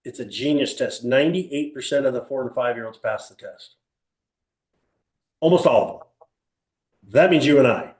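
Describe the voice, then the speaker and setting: A man's voice: medium pitch, moderate pace, long pauses, echoey room. An older man teaching a live motivational seminar to an audience in a small room, telling stories and asking the audience questions. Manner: animated storyteller, rhetorical questions, acts out other people.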